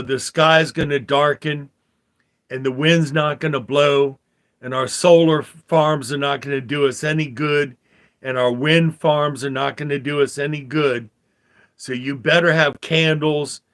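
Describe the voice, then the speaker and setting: An older man giving a rambling religious commentary monologue, talking slowly with fillers and repeated phrases. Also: medium pitch, fairly bright tone. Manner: slow, meandering talk with fillers and repeated phrases. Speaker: vlogger.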